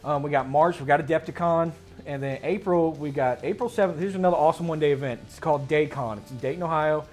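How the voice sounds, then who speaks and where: A man hosting a casual tabletop gaming chat, slangy and rambling, getting excited as he talks. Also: on the high side, fast talker, soft background music. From Mid-Atlantic United States. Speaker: host.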